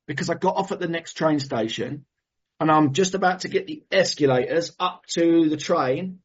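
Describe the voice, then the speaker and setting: A man from Brighton, sharing his recovery story in a heartfelt, rambling way and then leading a prayer. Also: on the high side, moderate pace, husky, muffled recording. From Brighton, England. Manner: heartfelt, rambling, self-interrupting. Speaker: recovery meeting speaker. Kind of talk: personal share and prayer.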